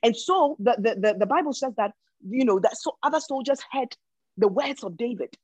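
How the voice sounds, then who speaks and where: A woman delivers sermon-style Bible teaching, reading passages aloud and then driving home their meaning with emphasis. Her voice sits a little high and carries a husky, breathy edge. The recording is dry and close, with no room sound. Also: expressive, normal speed, darkish tone, dry recording, low-quality recording. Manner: emphatic, reads scripture and explains it, repeats words while thinking.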